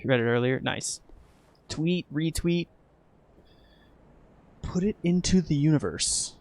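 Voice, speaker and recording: A man commentating casually as he streams a game, chatting with viewers, excitable and profane. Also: a little high, slow pace. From United States.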